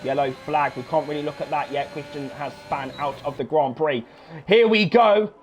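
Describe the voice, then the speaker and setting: A young man giving live sim-racing commentary, excitable, swearing and shouting encouragement at the drivers. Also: mid-range voice, fairly quick, highs cut off. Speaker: race commentator.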